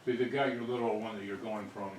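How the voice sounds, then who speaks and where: A man's voice: lowish voice, steady tone, fast, a little hiss or hum. A man working as camera operator and co-host, making casual offhand asides during a live stream. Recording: echoey room, from far off the mic.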